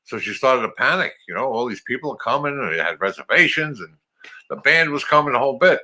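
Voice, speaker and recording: A man's voice: mid-range voice, lively intonation, quick pace, sharp tone. An older man, chatting casually and cracking dry jokes. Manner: joking, dry one-liners. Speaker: co-host. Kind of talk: casual chat.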